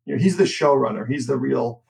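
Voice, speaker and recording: A man's voice: mid-range voice, fairly quick, creaky, darkish tone, slight background noise, rough recording. A man co-hosting a podcast, explaining things in a casual, rambling way with frequent restarts. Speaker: podcast co-host.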